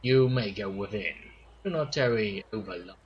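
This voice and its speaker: A man voicing a formal, measured male messenger for a wizard order in a fantasy game. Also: lowish voice, lively intonation, highs cut off, slight background noise, natural voice.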